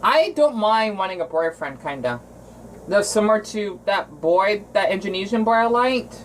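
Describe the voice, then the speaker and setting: A man from Arizona talking in a casual cooking vlog, rambling and emotional, with frequent restarts and halting phrases. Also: high voice, expressive, a little hiss or hum, poor audio. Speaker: vlogger.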